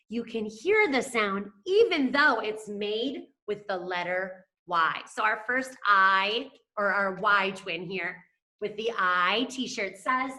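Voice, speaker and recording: A woman's voice: mid-range voice, sharp tone. A woman teacher giving a phonics lesson to young children, stretching out and stressing words so they can follow. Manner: slow, drawn-out words stressed for young learners.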